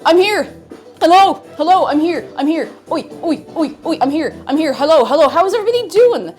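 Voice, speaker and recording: A woman streaming live, chatting casually and bubbly, loudly greeting her chat and chanting playfully. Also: sits high, lively intonation, fairly quick, faint music behind.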